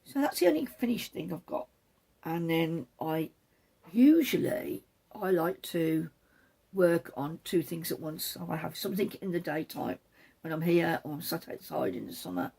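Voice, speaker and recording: A woman's voice: fairly low pitch, expressive, normal speed, gravelly, dark tone, breathy edge. A woman hosting a knitting podcast from the back room of her home, chatting casually and wandering off topic now and then. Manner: rambling, self-deprecating, digresses. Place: back room at home, patio door open.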